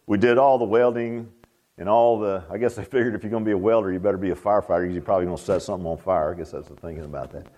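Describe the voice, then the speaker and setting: An older man preaching a sermon in a folksy, animated way, repeating phrases for emphasis. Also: low-pitched, racing. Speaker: pastor.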